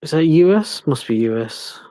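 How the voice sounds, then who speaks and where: A man co-hosting a casual livestream, measured and thoughtful in his comments. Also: on the high side, expressive, mellow, no echo.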